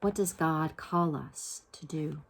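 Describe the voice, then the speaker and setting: A woman reading a children's picture book aloud in a gentle, unhurried way, pausing to ask her listeners questions. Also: low voice, gravelly. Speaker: storybook reader.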